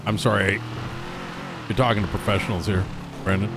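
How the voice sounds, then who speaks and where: A man's voice: lowish voice, steady tone, a little fast, loud music behind the voice. A man streaming a role-play game, bantering and giving orders in character. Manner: bantering, laughing, bossy in character.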